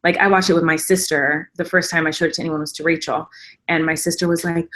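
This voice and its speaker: A woman's voice: lowish voice, fairly quick, fairly bright tone. A woman hosting a casual live stream, talking at length in an enthusiastic, rambling way with many fillers.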